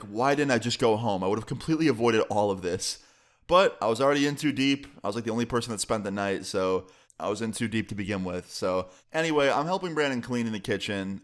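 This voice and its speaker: Low-voiced young guy telling a story. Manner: loose, filler-heavy, swears. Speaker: storyteller vlogger. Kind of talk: casual storytime.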